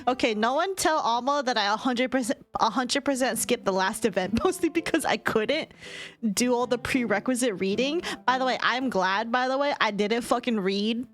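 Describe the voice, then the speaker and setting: A woman's voice: on the high side, moderate pace. A woman streamer chatting casually with her viewers, giggling often and swearing freely. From United States. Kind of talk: casual live-stream chat.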